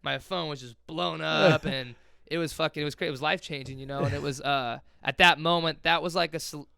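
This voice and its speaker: Fast-talking excited young man. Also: a little high, gravelly, clean tone, dry recording. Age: young adult. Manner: excited, profane storytelling. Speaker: guest, former football player. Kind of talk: casual interview chat.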